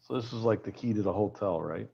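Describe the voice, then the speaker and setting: A touring male DJ telling a story in casual chat, animated and profane. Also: lowish voice, quick pace, creaky, husky, highs cut off.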